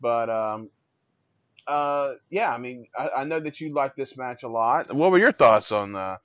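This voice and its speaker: A man's voice: medium pitch, animated, measured pace, fairly bright tone, dry recording. A tired man in casual podcast chat, teasing and questioning the others. His voice sits mid-range, recorded dry with a dull, lo-fi sound. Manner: teasing, asks co-hosts questions. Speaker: podcast co-host.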